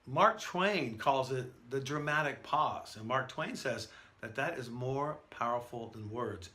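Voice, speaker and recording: A man teaching announcing skills in an animated, breezy, jokey manner. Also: medium pitch. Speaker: announcer coach. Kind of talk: instructional talk.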